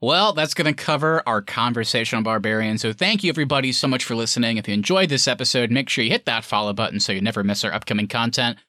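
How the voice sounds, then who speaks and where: A man's voice: mid-range voice, fast talker, hardly any pauses, no echo, studio quality. A man hosting a podcast, closing out the episode in a casual, enthusiastic way. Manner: animated, enthusiastic outro delivery. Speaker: podcast host.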